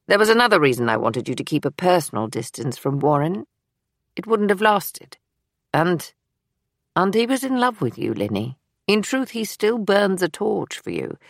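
A brisk older spymaster with a dry, matter-of-fact edge and a lowish voice, as a woman reads her in an audiobook. The recording is close and dry. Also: very animated, vocal fry, no room sound, heavily acted. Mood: guarded. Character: older woman, former wartime intelligence officer, brisk and wry. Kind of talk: audiobook character reading.

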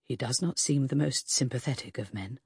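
A soft-spoken, courteous former army officer, voiced by a woman narrator, formal and a little sad in his audiobook scenes. The husky voice sits close on a dry mic. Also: mid-range voice, fairly quick, no room sound, voice pushed down. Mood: gentle. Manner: formal and gentle.

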